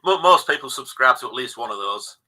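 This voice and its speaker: An English man with a very bright, edgy tone talks in a relaxed, casual way. He drifts through his answers with little fillers and restarts, unhurried and friendly. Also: medium pitch. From England. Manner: easygoing, hesitant with fillers. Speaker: guest musician. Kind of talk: casual interview chat.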